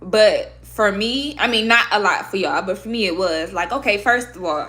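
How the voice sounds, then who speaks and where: A woman vlogger from Michigan speaks to her camera in a candid, open way, swearing freely. Her voice sits at an ordinary middle pitch. She is indoors at her own desk setup with a microphone. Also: normal speed. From Michigan, USA. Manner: candid, profane, expressive. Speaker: vlogger and podcaster. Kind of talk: casual talk to camera.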